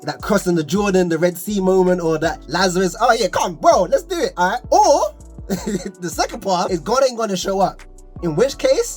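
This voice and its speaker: A young man with a London accent frankly telling his own life story to camera, animated and rising in pitch when exasperated. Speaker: vlogger sharing his story. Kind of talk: candid personal talk to camera.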